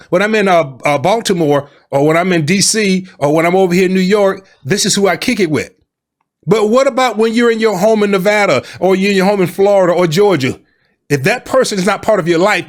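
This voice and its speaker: A man giving dating advice in a lively, colloquial, preaching style, acting out little quoted exchanges and calling listeners baby and boo. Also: high-pitched. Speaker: life and love coach.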